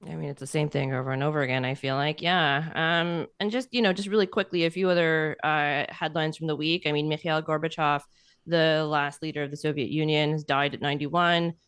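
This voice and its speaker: Canadian woman podcast cohost, really low voice, lots of um and like, dry sound. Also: steady tone, brisk, a bit bright, clear, resonant tone, no room sound. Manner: chatty, frequent ums and likes. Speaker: podcast co-host. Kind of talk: casual news chat.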